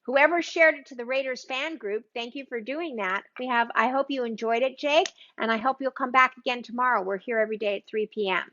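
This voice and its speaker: A woman's voice: a little high, brisk, few pauses, sharp tone, highs cut off. A woman hosting a live cooking stream from her home kitchen, chatting with viewers by name in an exclamatory way. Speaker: cooking show host.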